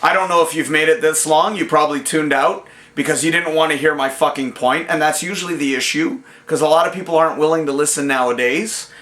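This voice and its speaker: A man hosts a solo movie review and rants with heat, swearing freely and stopping to restart his sentences. His voice is bright and sharp and sits a little high for a man. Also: a little fast, few pauses. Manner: profane, heated rant with frequent restarts. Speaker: host.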